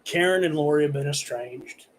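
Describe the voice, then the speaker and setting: Recording himself on camera, a man with a highish voice speaks at a normal pace in a rough-sounding recording. He rambles casually about horror films, heavily profane and full of filler words.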